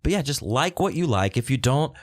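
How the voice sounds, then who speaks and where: A man's voice: medium pitch, brisk, no echo. A man co-hosting a podcast in loose, swearing banter, with a dry, close sound. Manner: animated, swearing, breaks into exaggerated quoted voices. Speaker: podcast co-host.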